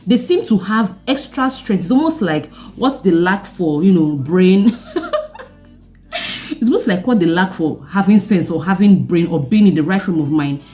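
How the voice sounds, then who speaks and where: Mellow-voiced Nigerian woman telling a story. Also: lowish voice, moderate pace, few pauses, soft background music. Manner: animated storytelling with laughing asides. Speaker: vlogger. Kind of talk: storytime vlog.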